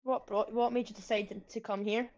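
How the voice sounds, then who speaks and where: A woman's voice: on the high side, fairly even intonation, brisk, darkish tone, dull audio. A woman playing in a tabletop game, asking chatty, curious questions in character. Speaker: player.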